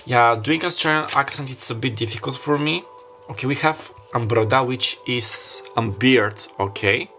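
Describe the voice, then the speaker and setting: A man's voice: medium pitch, normal speed, pushed and bright, soft background music. Hesitant tarot reader, man. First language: not English. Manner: rambling, hesitant, searches for words aloud. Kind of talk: casual tarot reading monologue.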